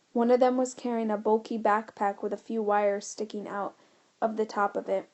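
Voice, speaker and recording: Woman audiobook narrator, bright-pitched, lively storytelling. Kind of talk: scripted narration.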